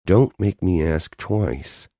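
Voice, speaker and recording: A man's voice: low-pitched, takes it slowly, mellow, no room sound, clean studio sound, voice pushed up. A man voicing a cold, commanding male alien agent in an audiobook, speaking in a clipped, exasperated way.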